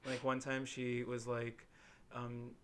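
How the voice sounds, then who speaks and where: Here the young podcast co-host from Illinois, USA, talks slowly in a smooth, medium-pitched voice. In casual conversation he tells meandering stories full of filler words and slips into lively impressions when quoting people.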